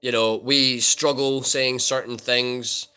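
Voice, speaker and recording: A young Scottish man hosts a relaxed livestream, trading jokes and answering viewers in an easygoing, talkative way. His voice is bright and forceful at a middle pitch. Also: slow, clean tone. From Scotland. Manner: joking, chatty, reads and answers viewer comments. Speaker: livestream host answering chat. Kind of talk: casual livestream Q&A.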